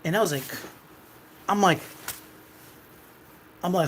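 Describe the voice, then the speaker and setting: A man's voice: on the high side, a little slow, long pauses, fairly bright tone, slight background noise. A man in his thirties casually telling a rambling, repetitive story from his own life, swearing now and then. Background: dogs.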